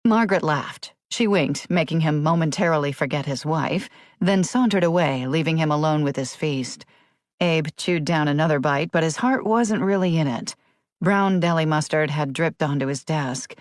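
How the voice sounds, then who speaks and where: A woman narrating a crime thriller audiobook in a steady, measured read. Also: sits low, dry recording, studio quality.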